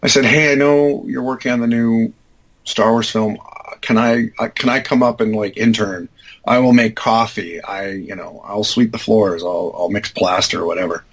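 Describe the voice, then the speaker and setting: A man in his fifties with a husky, slightly breathy voice sits in as a guest and tells a long, rambling tale. He restarts sentences and leans on fillers as he goes. When he quotes people, his pitch leaps high to act them out. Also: fairly even intonation, normal speed, low-quality recording. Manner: acts out quoted dialogue with big jumps in pitch; rambling, self-correcting, many fillers. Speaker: interview guest. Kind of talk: casual anecdotal storytelling.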